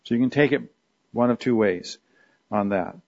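A man's voice: mid-range voice, normal speed, darkish tone, dull audio. A man teaching a Bible study lecture, explaining a passage in a conversational way with frequent fillers and restarts. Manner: uses a drawing tool on screen while teaching.

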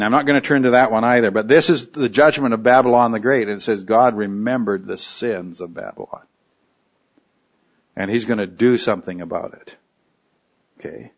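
A man's voice: medium pitch, expressive, moderate pace, lo-fi sound. Man preaching a verse-by-verse sermon. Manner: conversational teaching with short acted quotes. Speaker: pastor. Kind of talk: expository sermon.

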